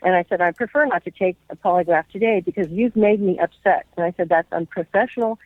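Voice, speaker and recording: A woman's voice: fairly low pitch, fast, no echo, narrow, tinny audio. A woman guest on a radio interview, earnestly telling a long personal story and quoting what people said. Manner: earnest, recounts dialogue at length. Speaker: guest, whistleblower.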